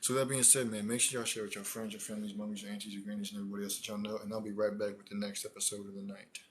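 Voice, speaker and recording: A man giving casual, animated commentary, talking in slang and repeating phrases for emphasis. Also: fairly low pitch, very fast, slight background noise. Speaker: commentary streamer.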